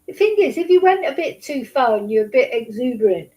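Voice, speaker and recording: A woman's voice: high-pitched, big pitch swings, fairly quick, mellow, poor audio. A woman giving blunt, indignant casual commentary on a trial report, swearing now and then. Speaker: true crime commentator.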